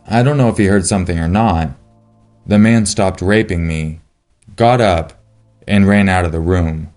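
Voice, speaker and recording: A man giving a slow, solemn scripted narration of a true horror story. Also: low voice, a little mellow.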